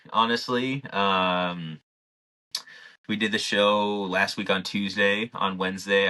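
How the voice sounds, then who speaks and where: A man's voice: low voice, pushed and bright. A man co-hosting a podcast, telling a story in a loose, rambling way, full of "like" and casual swearing. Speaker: podcast co-host.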